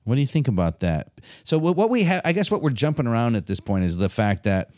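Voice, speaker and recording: A man co-hosting a casual podcast chat, animated and loose, swearing freely and acting out quotes. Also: medium pitch, fast, no echo, clean studio sound. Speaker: podcast co-host.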